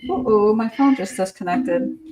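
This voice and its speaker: A woman's voice: medium pitch, a little slow, a little mellow. A woman hosting a live prospecting session on a video call, talking casually, brash and joking as she rallies her team. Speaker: real estate agent hosting a prospecting session.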